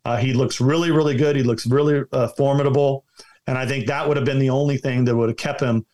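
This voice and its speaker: A man's voice: medium pitch, fairly even intonation, fast, a little mellow. Emphatic man giving political commentary. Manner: emphatic, repetitive restarts, partisan. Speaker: political guest.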